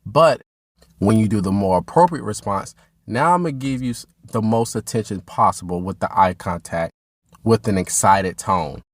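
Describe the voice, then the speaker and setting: Calm low-voiced man coaching parents. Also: moderate pace, no echo. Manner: calm, instructive, addresses parents directly. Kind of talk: direct-to-camera parenting advice.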